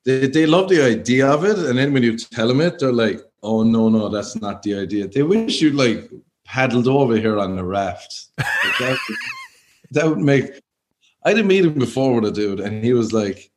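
An Irish man, a stand-up comedian, telling anecdotes in casual chat with stammering restarts and low flat impressions of other people. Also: normal speed. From Ireland.

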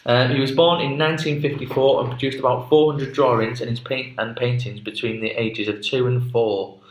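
A man with a medium-pitched voice and fairly even intonation co-hosts a podcast, moving at a moderate pace. He tells a rambling, jokey story packed with fillers in casual chat. The room he's recorded in is echoey.

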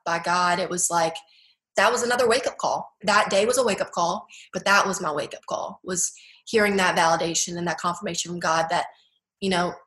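Pitched on the low side and speaking a little fast, this young woman keeps her intonation fairly even and her tone fairly bright. As an interview guest, she shares her story earnestly, often saying "like" and "you know." The recording sounds echoey.

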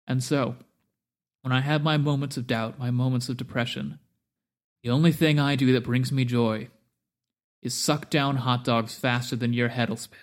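A man's voice: mid-range voice, steady tone, normal speed, natural voice. A man playing a boastful, melodramatic halfling with a pompous, theatrical way of telling his stories.

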